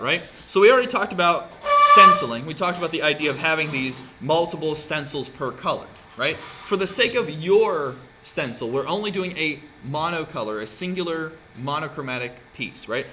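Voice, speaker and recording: A man's voice: fairly high pitch, pushed and bright, a little hiss or hum. A man teaching a craft class in a casual, chatty way, often checking in with "right?" as he demonstrates. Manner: chatty, keeps asking "right?". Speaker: art teacher.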